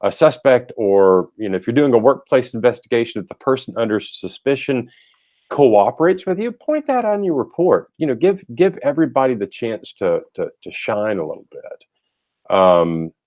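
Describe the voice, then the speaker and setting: A man's voice: medium pitch, very animated, moderate pace, darkish tone. A man hosting a webinar, talking casually with jokes and frequent fillers and restarts. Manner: chatty, joking, many fillers and restarts. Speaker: host.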